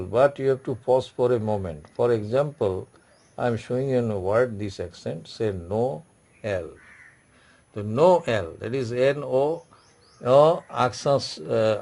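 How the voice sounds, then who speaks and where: A man's voice: medium pitch, gravelly, a little mellow. A man runs an online French class. He explains step by step, repeating each point. His voice sits mid-range. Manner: slow, repetitive explaining with frequent "okay" check-ins. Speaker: French teacher. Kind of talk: online language lesson.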